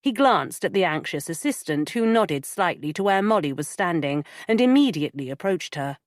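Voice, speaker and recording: Reading scripted audiobook narration, a woman with a lowish voice keeps a measured, even storytelling pace. The sound is dry and cleanly studio-recorded.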